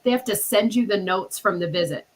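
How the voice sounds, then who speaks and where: A woman's voice: mid-range voice, a little fast, slight background noise, rough recording. A woman hosting a casual podcast chat, telling stories animatedly and acting out what others said, with a cough from illness. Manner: animated storytelling, acting out quoted people. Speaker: podcast host.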